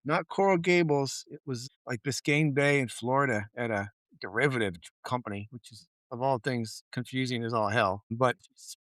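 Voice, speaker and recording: Man, podcast co-host, casual chat, animated storyteller, curses freely, dry close sound. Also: mid-range voice, normal speed, hardly any pauses, dry recording. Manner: animated storyteller, swears freely, acts out quotes.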